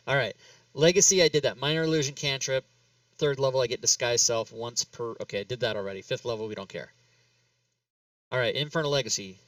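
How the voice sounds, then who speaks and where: Male host, bright tone, slightly distant mic, rambling self-narration with laughs. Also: medium pitch, fairly quick, no echo. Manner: rambling, laughs often, talks himself through steps. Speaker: talk show host. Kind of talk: casual chat while working in game software.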